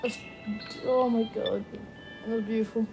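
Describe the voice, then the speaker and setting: High-voiced woman gushing over a game. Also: steady tone, measured pace, gravelly, over music. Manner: gushing, repeats exclamations. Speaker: gaming podcast host. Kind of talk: game commentary.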